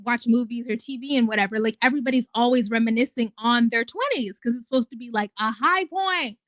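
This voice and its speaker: A woman's voice: fairly high pitch, a little fast, dry recording. Chatty, swearing woman in her twenties. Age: 20s. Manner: chatty, swearing, rambling with fillers. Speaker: host. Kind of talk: casual livestream talk.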